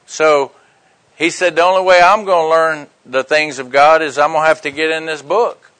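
Male preacher, highish voice, lively storytelling sermon. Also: moderate pace, rough recording. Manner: animated storyteller acting out dialogue. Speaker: pastor.

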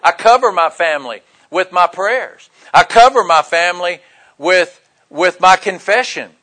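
An older man, preaching a sermon in a folksy, joking way, with loud bursts and quiet asides. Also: high-pitched, animated, measured pace. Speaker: pastor.

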